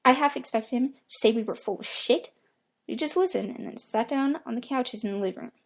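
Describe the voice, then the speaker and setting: A woman's voice: on the high side, fairly quick, gravelly. Young woman reading a creepypasta. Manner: casual storytelling with heavy swearing. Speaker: narrator.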